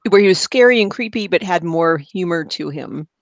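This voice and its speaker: A man's voice: high-pitched, expressive, normal speed, no room sound, highs cut off. A man co-hosting a casual podcast, mostly chiming in with short agreements. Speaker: podcast co-host. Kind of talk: casual chat.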